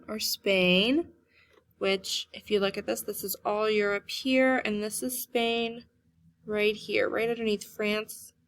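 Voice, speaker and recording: A young woman teaching a Spanish class, going slowly over a map and repeating each country name so students can copy how it is said. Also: mid-range voice. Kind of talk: geography lesson over a map.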